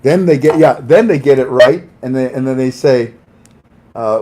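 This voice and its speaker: A man hosting a casual monologue in an animated manner, laughing often and acting out voices. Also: medium pitch, normal speed. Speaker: host.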